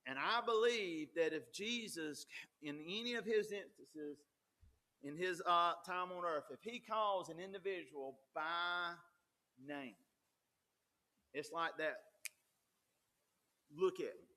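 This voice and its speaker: A man's voice: high voice, slow, pushed and bright. A man, preaching a folksy, conversational sermon with frequent restarts. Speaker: pastor.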